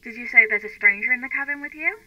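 A woman voicing a brisk female emergency dispatcher, clipped and businesslike. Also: a little high, no room sound, muffled recording, pitched above the performer's own voice, lightly acted.

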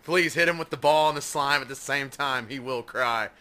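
A man's voice: mid-range voice, normal speed, bright, forceful tone. A man watching his friend play a game, teasing and mocking him in casual banter. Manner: teasing, mocking, laughs a lot. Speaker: let's play co-host watching.

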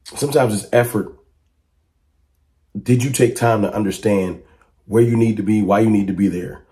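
A man talking straight to camera as a sports fan commentator, with a low, dark tone. He presses his points emphatically and keeps firing rhetorical questions at his listeners. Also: moderate pace. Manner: rises to excited high-pitched exclamations when reacting to clips.

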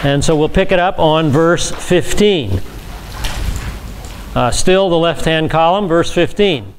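A man with a slightly higher voice teaches a Bible class in a relaxed, explanatory way, turning to his listeners now and then. The recording carries a faint hiss of background noise. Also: slow pace. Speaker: pastor.

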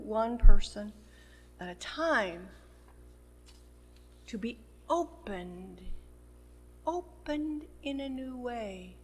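Woman pastor preaching slow and deliberate, highish voice, big echoey church hall. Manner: slow, measured preaching with rising emphasis. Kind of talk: sermon. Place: church sanctuary. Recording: long church hall reverb.

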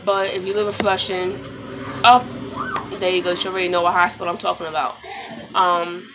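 A young woman from New York talking in a casual personal vlog, subdued and halting, with many fillers and restarts. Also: on the low side, level tone, music in the background, poor audio. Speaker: vlogger, mother.

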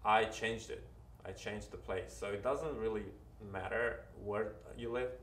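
Ukrainian-accented man, low voice, echoey room. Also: steady tone, a little slow, a bit bright, far from the mic, slight background noise. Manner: earnest, advising, with many restarts. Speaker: interview guest, actor. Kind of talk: casual interview talk.

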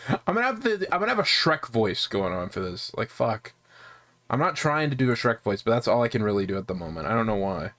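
Excitable young male game streamer. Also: on the low side, fairly quick. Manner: excitable, swears freely, laughs often. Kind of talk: live gameplay commentary.

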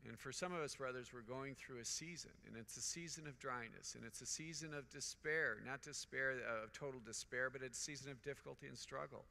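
A man's voice: mid-range voice, fairly quick, vocal fry, few pauses, pushed and bright, big-room sound. A middle-aged man, a priest, preaching a conference homily to fellow priests in an earnest, repetitive cadence, telling anecdotes. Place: large conference hall.

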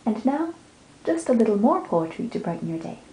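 A woman reviewing books and reading poems aloud in a measured, lilting cadence. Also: a little high, big pitch swings, dark tone. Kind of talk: book talk with poetry readings. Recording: roomy sound with music underneath.

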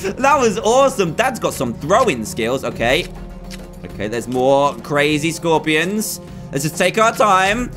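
A young man with a high voice talks through a game as he plays it, excitable and quick to exclaim. Faint music runs quietly under his commentary. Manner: excitable, often exclaiming and laughing. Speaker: gaming video host. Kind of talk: playful gameplay commentary.

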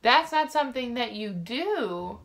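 A woman's voice: on the high side, expressive, a little slow. A woman vlogger telling a story to camera in a casual, rambling way, full of "like" fillers and restarts, frank and indignant.

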